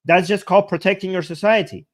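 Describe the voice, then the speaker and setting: A man's voice: high-pitched, fairly even intonation, fast. A man hosting his channel, reacting to a clip in casual commentary, sarcastic and incredulous, often repeating himself. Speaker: channel host.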